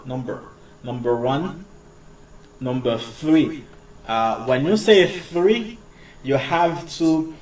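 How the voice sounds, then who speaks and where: A man's voice: mid-range voice, a little mellow, far from the mic. Male English teacher. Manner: switches between English, French and Creole while explaining; slow, repeated pronunciation drills. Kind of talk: casual video lesson.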